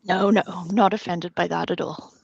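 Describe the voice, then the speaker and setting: A woman with a Northern Irish accent that is mixed with Scottish, joking at her own expense in relaxed group talk. The sound is dull and lo-fi, like a call. The room is dry. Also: on the low side, moderate pace, gravelly, breathy edge, no echo. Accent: Northern Irish with Scottish mix. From Northern Ireland. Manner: self-deprecating, laughing often. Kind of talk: casual group chat.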